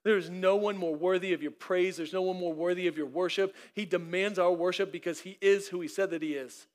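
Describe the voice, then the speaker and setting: A man, a pastor, preaching a sermon in an animated way, with many restarts and acted-out bits of dialogue. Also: sits high, a little fast.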